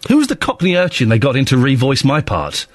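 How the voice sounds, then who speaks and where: A man's voice: mid-range voice, wildly swooping pitch, fast. A man in his thirties with a London accent, presenting a casual morning radio show with wry, self-mocking chat. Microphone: studio microphone.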